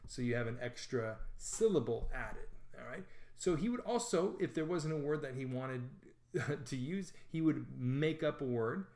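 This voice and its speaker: A man's voice: mid-range voice, expressive, normal speed, darkish tone, reverberant. A man explaining literature in a conversational, self-deprecating way with frequent fillers, like a casual teacher.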